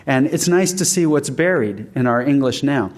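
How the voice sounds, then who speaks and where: A man giving a public talk on language and literary tradition, thoughtful and halting, with fillers and restarts, and reciting Middle English verse aloud. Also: medium pitch, animated, darkish tone. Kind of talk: public lecture.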